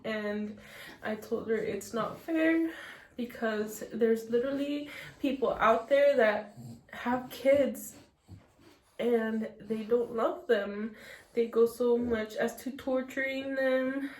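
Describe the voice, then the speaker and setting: A young woman in a personal vlog, telling her story in a halting, emotional way and close to tears. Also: on the high side, darkish tone. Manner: halting, emotional, many restarts. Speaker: vlogger. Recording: echoey room.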